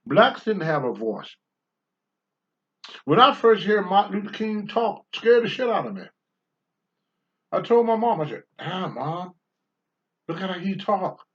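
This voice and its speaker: A man's voice: high voice, big pitch swings, measured pace, pauses often, fairly bright tone. An older man, a former pro wrestler, speaking bluntly and with profanity as a talk-show guest. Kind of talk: candid talk-show storytelling. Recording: dull lo-fi sound.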